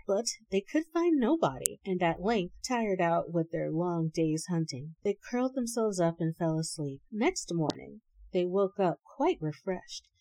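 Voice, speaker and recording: A woman storyteller reading a folk tale aloud, with playful, animated asides. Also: fairly low pitch, no room sound, rough recording.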